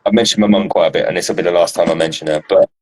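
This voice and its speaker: A man's voice: low-pitched, steady tone, racing, darkish tone, low-quality recording. A man hosting a podcast, chatting casually and telling stories with casual swearing. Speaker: podcast host. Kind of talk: casual chat.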